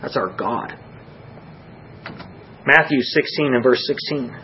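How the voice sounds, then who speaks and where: A man preaching a sermon to a congregation, rising to emphatic peaks and dropping to hushed low lines. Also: slow, muffled recording, a little hiss or hum.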